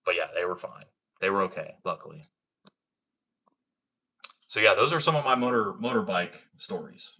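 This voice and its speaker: Livestream host, male, low register, crisp bright tone, casual and profane, full of "bro" and "like". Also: lively intonation, normal speed, pauses often. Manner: laid-back, profane, slangy, lots of "like" and "bro". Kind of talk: casual livestream storytelling and chat.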